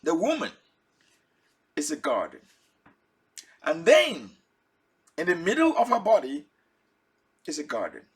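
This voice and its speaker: A man's voice: on the high side, wildly swooping pitch, measured pace, long pauses, breathy edge. A man preaching a Bible teaching sermon, asking his listeners direct questions and chuckling now and then.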